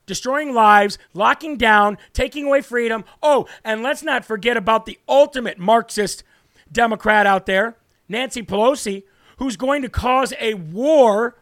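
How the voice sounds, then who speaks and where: Brash high-voiced male political host. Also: fairly bright tone, dry recording, studio quality. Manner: brash, emphatic, repeats for emphasis. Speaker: political talk show host. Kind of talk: live political commentary.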